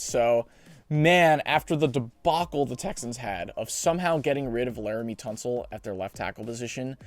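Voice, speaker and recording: A young man hosting a sports show, giving chatty, animated mock draft commentary with joking asides. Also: mid-range voice, no room sound.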